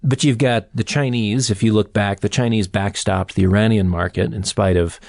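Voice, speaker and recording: Low gravelly man explaining markets. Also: steady tone, a little mellow, dry recording, clean studio sound. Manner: measured, explanatory, storytelling with quoted asides. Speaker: co-host and commentator. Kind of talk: financial podcast discussion.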